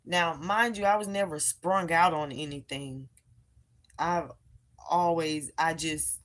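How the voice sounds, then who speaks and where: Low-voiced woman, emphatic live-stream storyteller. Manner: emphatic, animated storytelling, addresses viewers as y'all. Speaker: live-streamer and tarot reader. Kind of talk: casual live-stream chat with viewers. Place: at home.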